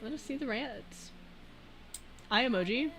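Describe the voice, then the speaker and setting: A woman streaming as a VTuber, chatting casually and reading viewer messages, rambling and breaking into loud laughs. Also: on the high side, animated, unhurried, gravelly.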